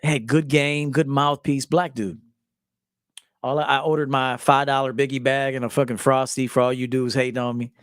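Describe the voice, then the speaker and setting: A man in his forties, a men's life coach, telling stories in a profane, animated casual monologue, acting out quotes. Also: mid-range voice, normal speed, smooth, no room sound, studio quality. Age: 40s. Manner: profane, animated storytelling with acted quotes and laughs.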